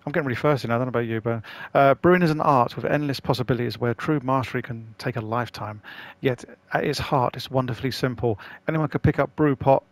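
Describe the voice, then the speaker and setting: Male games host, mid-range pitch, gravelly edge, chatty casual commentary. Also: quick pace, hardly any pauses, dry recording. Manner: chatty, rambling, self-deprecating. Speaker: gaming channel host.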